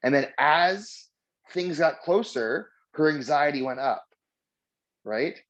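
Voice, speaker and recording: A man's voice: on the high side, slow pace, rough recording. A man teaching a casual mindfulness lesson, chatty and full of fillers, acting out the voices in his stories. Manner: chatty storytelling with many fillers; acts out dialogue with lively voices. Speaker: mindfulness trainer.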